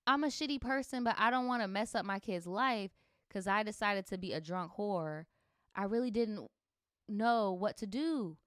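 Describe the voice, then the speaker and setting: A young woman reads viewer stories on a livestream and breaks in with sassy, animated, profane reactions. Her voice sounds smooth and clear, and the sound is dry and close. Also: medium pitch, normal speed, dry recording. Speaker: streamer reading viewer stories. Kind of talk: livestream story reading with commentary.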